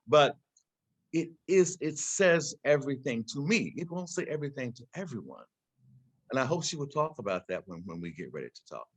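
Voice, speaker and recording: A man's voice: on the low side, no echo. An older man giving an impassioned, preaching talk to guests in a house gallery, repeating words as he builds to emphatic peaks. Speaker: invited speaker. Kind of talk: impassioned address.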